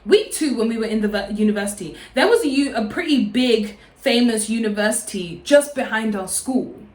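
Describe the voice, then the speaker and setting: Brief: young woman, high-ish voice, loud and chatty, swears freely, echoey room. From London. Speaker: vlogger. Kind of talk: casual storytime.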